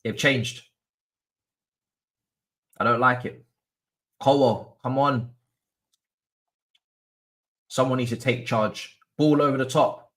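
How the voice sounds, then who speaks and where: A young man hosting a live football watchalong, reacting to the match as an excitable, frustrated fan who rants and swears. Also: medium pitch, slow pace, long pauses.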